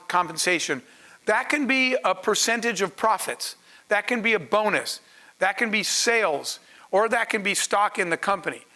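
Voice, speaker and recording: A middle-aged man lectures to a room as he tells a story, acting out each quoted voice with energy. His voice sits high for a man and rings bright and forward. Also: rough recording. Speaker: entrepreneur giving a masterclass.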